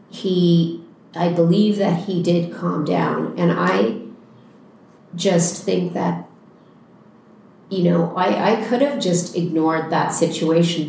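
Woman teacher, calm reflective storyteller, slightly low voice; record in a very echoey room. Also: creaky, a little hiss or hum. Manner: reflective, unhurried retelling. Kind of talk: storytelling in a conversation.

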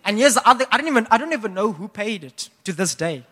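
Bright high-voiced preacher. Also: male voice, fast talker. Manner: animated, casual storytelling with laughs. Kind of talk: sermon with personal storytelling. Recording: long hall reverb.

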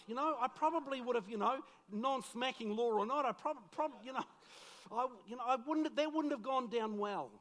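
Middle-aged New pastor, fairly high voice, lively storyteller who plays every part himself. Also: male voice, normal speed. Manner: animated, acts out dialogue in the story. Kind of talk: storytelling sermon.

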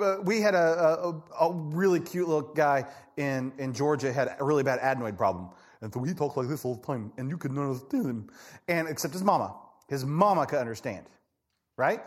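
A man preaching a sermon in a conversational, animated way, often asking "right?" and acting out voices. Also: a little high. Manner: acts out people in quoted voices. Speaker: pastor.

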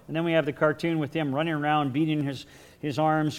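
A man's voice: on the high side, brisk. A man teaching a Bible class in a conversational lecture, with repeated words and light chuckles.

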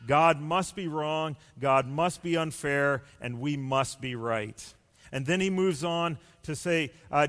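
A man preaching a sermon as pastor, deliberate and building long runs of rhetorical questions. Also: a little high, fairly bright tone, in a large hall.

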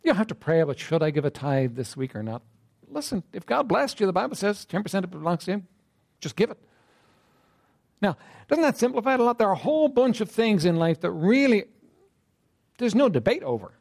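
Male pastor, conversational sermon, high and highly animated delivery, keeps clearing his throat. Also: fairly quick, pauses often. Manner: conversational preaching with frequent "right?" and "you know what?".

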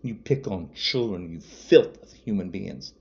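A man's voice: low voice, lively intonation, measured pace, vocal fry. A man podcasting an angry political rant, furious and repetitive, hurling insults. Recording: dull lo-fi audio.

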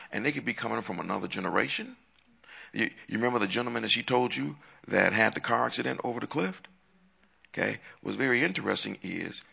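A man's voice: mid-range voice, vocal fry, bright, forceful tone, slightly rough, lo-fi sound. A man co-hosting a Christian talk show, preaching with emphatic, punchy repeated lines.

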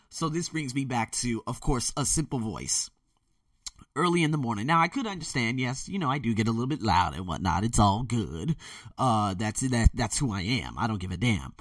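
Young male podcast host, heated and profane rant, animated delivery, dry slightly distant sound. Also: medium pitch, moderate pace, no echo. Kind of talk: casual ranting monologue. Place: bedroom with door closed. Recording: dry room, voice a bit off-mic.

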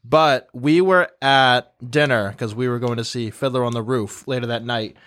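A man's voice: medium pitch, moderate pace, fairly bright tone. A young man hosting a podcast panel, chatting casually and telling stories with many fillers. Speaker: podcast host.

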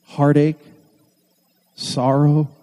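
Dark-voiced preacher in an echoing hall. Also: male voice, on the high side, monotone, very slow. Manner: earnest preaching with self-deprecating asides. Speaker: pastor. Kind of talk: sermon. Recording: long hall reverb.

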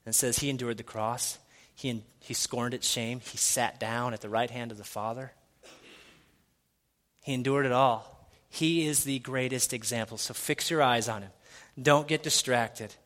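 A pastor preaching a sermon in a church, swinging from hushed, intimate lines to loud, excited shouting. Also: male voice, mid-range voice, moderate pace, in a large hall. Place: church sanctuary.

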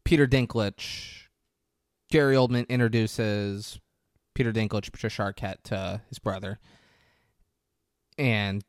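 Low-voiced man retelling a movie. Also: measured pace, pauses often, clean tone, dry recording, clean studio sound. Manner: animated storytelling, acting out quoted lines, profane. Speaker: podcast co-host. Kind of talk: casual movie recap chat.

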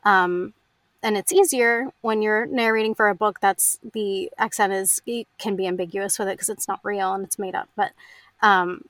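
American lady narrator, casual and giggly, lots of ums, middle pitch. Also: steady tone, moderate pace, a bit bright, dry recording. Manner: chatty, laughs often, many ums and restarts. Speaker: audiobook narrator, guest. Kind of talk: casual interview chat.

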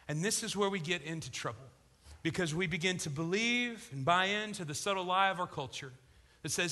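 Pastor preaching, bright high voice, echoing church hall, emphatic. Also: male voice, a little fast. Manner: emphatic, rhetorical questions. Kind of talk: sermon.

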